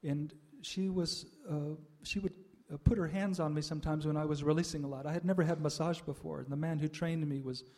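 Older male storyteller, mellow and slightly raised pitch, reflective, halting pauses. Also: steady tone. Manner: reflective, with frequent "uh" pauses and soft laughs. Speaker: speaker sharing a spiritual life story. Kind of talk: personal testimony talk.

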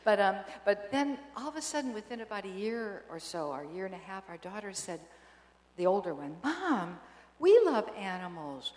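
An older woman telling a personal story to an audience, animated and emotional, with many restarts and bursts of laughter. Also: medium pitch, fairly quick. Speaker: speaker giving a personal testimony. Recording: echoey hall with long reverb.

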